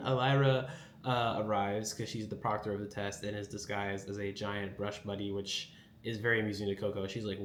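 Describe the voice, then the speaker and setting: A man's voice: on the low side, fairly even intonation, moderate pace, slight background noise. A man giving a casual, rambling recap of an anime episode, enthusiastic and full of filler words. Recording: echoey room with faint ambience.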